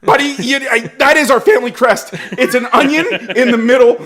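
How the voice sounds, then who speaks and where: A man telling a comedic story, animated and profane, laughing as he goes. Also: very high voice, a little fast. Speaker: storyteller guest.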